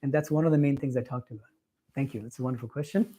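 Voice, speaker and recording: A man in his forties delivers a spiritual talk with earnest emphasis, sometimes laughing at his own stories. His voice sits at an ordinary middle pitch. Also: fairly even intonation, rapid-fire, mellow. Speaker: visiting swami giving a talk. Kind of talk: spiritual lecture with Q&A. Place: meditation hall with a live audience.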